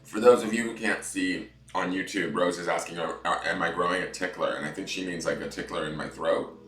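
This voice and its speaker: A man with a deep morning voice, chatting on a tarot livestream and guiding a breathing meditation. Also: fairly even intonation, brisk, a bit bright, reverberant. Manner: chatty, reads viewer comments aloud. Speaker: tarot reader.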